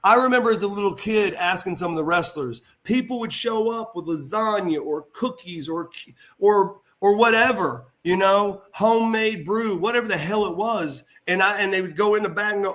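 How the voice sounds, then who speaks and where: Animated middle-aged man telling a story. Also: high-pitched, moderate pace. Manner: animated, acts out quoted voices. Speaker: former pro wrestler, guest. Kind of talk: casual anecdote storytelling. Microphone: remote video call.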